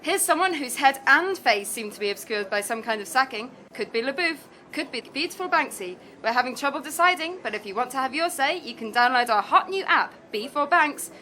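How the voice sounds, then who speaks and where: Bright, dry-voiced female comedy presenter. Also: high voice, lively intonation, a little fast, few pauses, slight background noise. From England. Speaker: radio presenter. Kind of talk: scripted sketch comedy.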